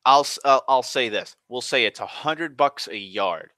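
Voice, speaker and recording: A man's voice: mid-range voice, normal speed, sharp tone, no room sound. A man telling a work story as an exasperated, swearing rant, often restarting his sentences. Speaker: online storyteller. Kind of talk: profane rambling rant.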